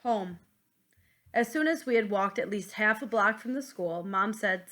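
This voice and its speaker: A woman reading a children's novel aloud at home, pausing to comment gently for young listeners. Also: mid-range voice, lively intonation. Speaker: reader. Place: at home, with a pet dog nearby.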